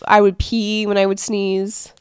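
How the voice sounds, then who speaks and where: A woman's voice: mid-range voice, level tone, a little slow, darkish tone, clear, resonant tone, dry recording. Chatty young woman laughing a lot. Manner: chatty, laughs often, lots of "like". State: pregnant. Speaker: podcast co-host. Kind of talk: casual chat.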